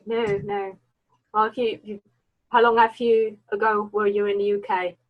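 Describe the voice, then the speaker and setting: A woman's voice: mid-range voice, flat delivery, normal speed, lo-fi sound. A woman from the Netherlands with a Dutch accent tinged by Birmingham speech, chatting casually as a guest, laughing often and hesitating with fillers. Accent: Dutch with Birmingham (Brummie) tinge. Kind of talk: casual chat.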